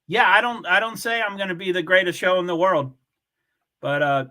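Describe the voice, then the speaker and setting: Man, livestream host, high bright voice, casual chat, blunt, reads out comments. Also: steady tone, moderate pace. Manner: chatty, reads viewer comments aloud, blunt.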